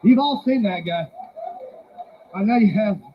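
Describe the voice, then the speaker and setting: A male stand-up comedian telling animated stories and slipping into put-on voices. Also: sits high, unhurried, highs cut off, very noisy.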